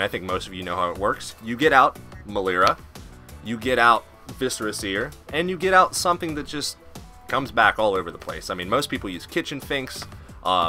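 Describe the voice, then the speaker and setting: A man with a very bright, sharp voice talks through game commentary in a loose, joking way. His pitch leaps around freely, and he throws in swearing and silly asides. Faint music plays underneath him. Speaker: host. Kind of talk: casual commentary.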